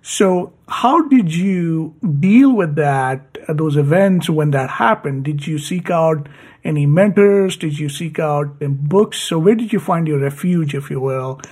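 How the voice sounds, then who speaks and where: A male podcast host with a fairly high voice asks long, winding questions. He stops and starts often, filling gaps with "uh" and "you know". His delivery stays polite and searching. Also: lively intonation, a little mellow, slightly rough. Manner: halting, many fillers. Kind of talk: interview questions.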